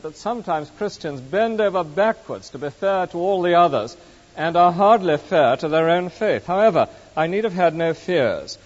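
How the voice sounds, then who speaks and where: A man preaching a sermon, telling stories in a measured, expressive way. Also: fairly high pitch. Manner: measured, expressive storytelling delivery. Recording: muffled recording with long hall reverb.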